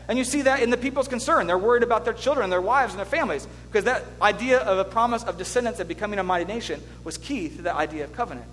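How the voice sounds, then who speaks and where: Casting: male pastor, higher voice, earnest animated sermon delivery, long church reverb, faint hum underneath. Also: fast, hardly any pauses. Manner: earnest, animated storytelling with restarts.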